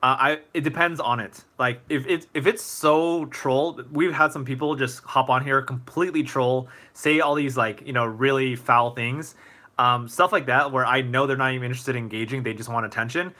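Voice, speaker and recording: A young man hosting a casual live Q&A stream, answering viewer questions in a relaxed, thoughtful way with many fillers and restarts. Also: mid-range voice, normal speed.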